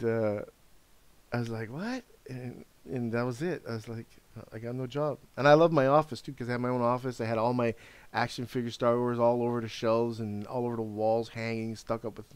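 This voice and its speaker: A man's voice: medium pitch, clean tone, no room sound. A middle-aged man hosting a live stream, chatting casually in a frank, rambling way and swearing now and then. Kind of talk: casual chat.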